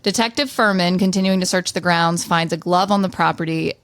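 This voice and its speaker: Podcast co-host, female, low-pitched, dry close mic, relaxed storyteller. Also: fairly quick, no room sound. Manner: storytelling, reading events in order. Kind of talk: casual true-crime podcast narration.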